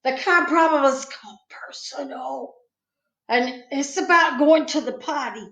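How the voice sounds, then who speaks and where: A woman's voice: high voice, measured pace, a bit bright. A woman reading a children's book aloud with a playful storytelling manner. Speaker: storytime reader. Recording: echoey room, slightly dull sound.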